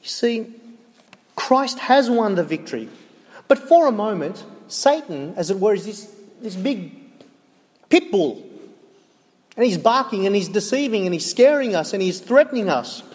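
Male preacher, high voice, earnest and emphatic sermon delivery, recorded with long church-hall reverb. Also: big pitch swings, a little slow, long pauses.

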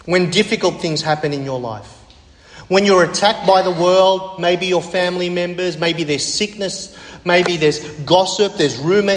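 A man preaching a sermon, earnest and emphatic, repeating his key phrases. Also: sits high. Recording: echoey hall with long reverb.

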